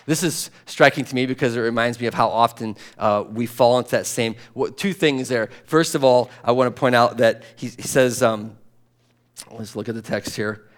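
A man's voice: medium pitch, moderate pace. A man preaching a sermon in a conversational way, acting out grumbling voices and sighing as he goes. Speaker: pastor.

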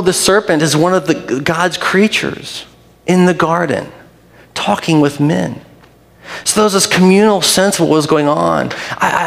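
Male pastor, slightly high voice, chatty sermon delivery, echoing hall. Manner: conversational, with short repeated phrases. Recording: long hall reverb.

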